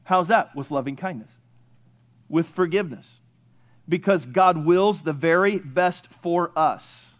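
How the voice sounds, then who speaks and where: A man preaching a sermon as pastor, asking the congregation questions and answering them himself, at times building to excited shouting. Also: a little high, a little slow.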